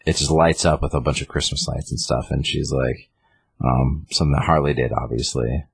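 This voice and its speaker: A man's voice: extremely low pitch, fairly even intonation, fairly quick, gravelly, breathy edge. A man casually recapping a comic story, rambling with lots of fillers. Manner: rambling retelling with many fillers. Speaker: comic book reviewer. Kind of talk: casual chat.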